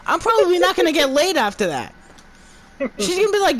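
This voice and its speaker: A woman's voice: very high-pitched, sing-song, fast talker. A woman giving an exasperated, profane movie review, stumbling and restarting her words as she rants.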